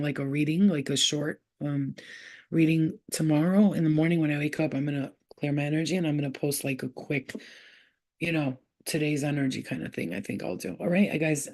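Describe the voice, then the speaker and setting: Mellow-voiced woman, profane, rambling. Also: low voice. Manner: rambling and profane, with street slang; affectionate toward viewers, often saying she loves them. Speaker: spiritual reader hosting a livestream. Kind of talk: casual livestream chat.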